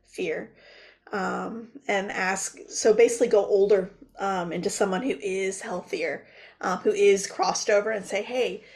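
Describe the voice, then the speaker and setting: A woman talks as a podcast guest, explaining at an unhurried pace with many pauses and fillers. Her voice sits in a middle range for a woman. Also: medium pitch, fairly even intonation, gravelly, darkish tone. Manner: thoughtful, with frequent "um" pauses. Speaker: guest, spiritual practitioner. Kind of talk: casual podcast conversation.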